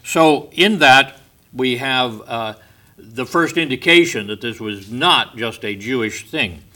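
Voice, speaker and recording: A man's voice: medium pitch, animated, takes it slowly, pushed and bright. A man giving a Bible study lecture, explaining step by step, stressing key words and restating his points. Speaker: Bible teacher.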